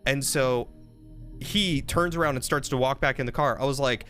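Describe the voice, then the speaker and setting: A man chats casually while he plays, telling an animated story, his voice climbing when he repeats the argument. His pitch sits in an ordinary middle range. Game music plays clearly underneath. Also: moderate pace. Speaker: streamer. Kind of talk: casual gameplay stream chat.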